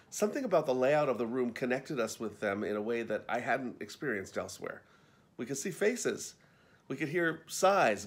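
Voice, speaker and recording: A man's voice: medium pitch, breathy edge. A man reading his own backstage memoir aloud as an audiobook, telling it in a wry, conversational way.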